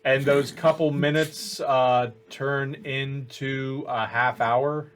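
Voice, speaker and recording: A man narrating as game master of a tabletop game, in a halting way with many fillers. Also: medium pitch, fairly even intonation, a bit bright.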